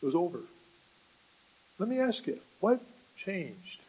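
Male pastor, husky, slightly high voice, earnest sermon delivery with rhetorical questions. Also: very animated, a little slow, warm tone, poor audio.

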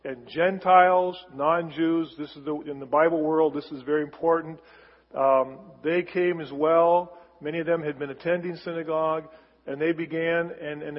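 Man, pastor, sermon, emphatic, repeats words, long hall reverb. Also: fairly high pitch. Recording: muffled sound in a large reverberant hall.

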